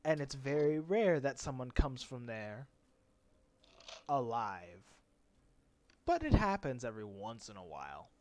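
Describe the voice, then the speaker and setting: A man's voice: medium pitch, very animated, a little slow, pauses often, darkish tone. A man running a tabletop game as game master, casual and hesitant, with many fillers.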